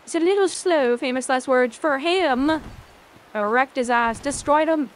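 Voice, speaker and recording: A woman with a high voice commentates her gameplay live. She is excitable, curses often and chats casually with her viewers between fights. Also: unhurried, a little hiss or hum. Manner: excitable, swears often, talks to chat. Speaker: game streamer.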